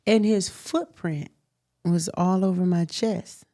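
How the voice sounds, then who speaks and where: A young adult woman hosts a show and shares a personal story in a candid interview, animated and emphatic and often laughing. Her voice is on the low side and slow, captured in a dry, studio-quality recording.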